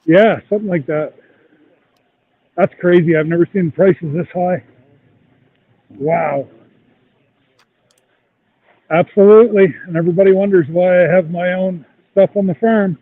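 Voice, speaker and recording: A man's voice: high-pitched, unhurried, long pauses. A man chatting casually as a livestream co-host, making easygoing, offhand remarks. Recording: tinny phone-like line.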